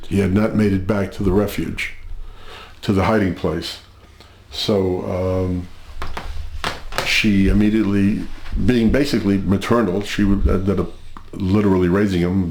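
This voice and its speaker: An older man recounting family history as an interview guest, speaking in a halting, measured way with many pauses and fillers. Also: low voice, darkish tone, roomy sound.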